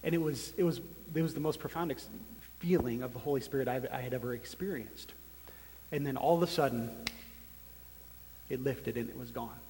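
A man in his thirties delivers a testimony sermon in a large meeting room, his voice sitting at a medium pitch. He tells his story earnestly, pausing and restarting as he goes. A long reverb trails after his words through the hall. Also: warm tone, slight background noise. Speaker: church planter giving testimony.

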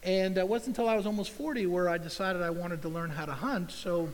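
A middle-aged man telling a story to a live audience in a large hall, in a folksy, animated way with laughs and exclamations. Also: high voice, brisk. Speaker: speaker at an event. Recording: long hall reverb.

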